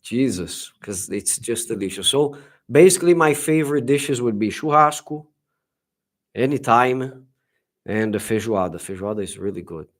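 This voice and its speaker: A man's voice: medium pitch, animated, moderate pace. A middle-aged man from Brazil with a Brazilian Portuguese accent, chatting casually and enthusiastically on a livestream, often restarting his sentences. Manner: enthusiastic, gushing, frequent restarts. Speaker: livestream host.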